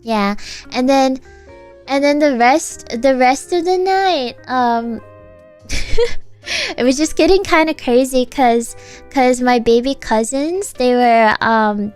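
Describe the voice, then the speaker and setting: A woman livestreamer chats in a high, slow-paced voice. She rambles through stories with lots of fillers and giggles often. Soft music plays faintly underneath. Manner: giggly, laughs often between sentences; rambling storytelling with many fillers. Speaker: streamer. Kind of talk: casual chat on a livestream.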